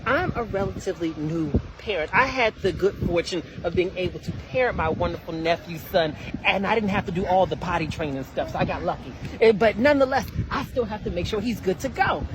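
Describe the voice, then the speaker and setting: Fast-talking animated storyteller man. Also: background noise. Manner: flamboyant, exclaiming, with sudden high-pitched quoting. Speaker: host.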